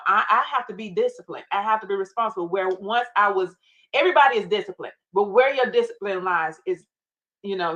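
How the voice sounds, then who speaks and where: A woman speaking as a guest on a faith talk show, telling her story with emphatic, animated retellings. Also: medium pitch, rough recording. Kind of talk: faith-based interview storytelling.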